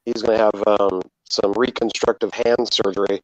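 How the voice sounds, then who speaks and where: A man calling in from his phone while out, talking about puppets in an unhurried way with plenty of fillers. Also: lowish voice, flat delivery, darkish tone, no room sound. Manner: unhurried, explains things with fillers. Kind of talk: casual chat. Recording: dull, robotic phone mic.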